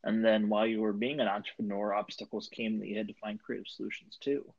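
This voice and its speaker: A man hosting a podcast interview, reflecting back and summarizing in a measured way. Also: fairly low pitch, flat delivery, creaky. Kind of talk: interview questions. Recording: dull, dry lo-fi audio.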